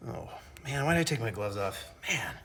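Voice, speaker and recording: A man's voice: mid-range voice, expressive, brisk, fairly bright tone, a little hiss or hum. A middle-aged man chatting casually while working in his home garage, joking and poking fun at himself. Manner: joking, self-mocking, rambling. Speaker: hobby mechanic host.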